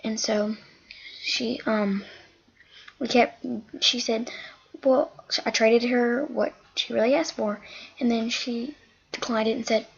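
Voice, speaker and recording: A woman's voice: fairly high pitch, steady tone, takes it slowly, vocal fry, long pauses, slightly rough. A woman in a casual vlog rant, rambling and agitated as she retells a quarrel. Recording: dull lo-fi home recording.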